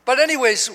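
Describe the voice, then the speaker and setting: A man in his sixties, a pastor, preaching a sermon that swells into shouts and call-and-response. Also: very high-pitched. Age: 60s. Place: church sanctuary. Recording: long reverb of a church hall.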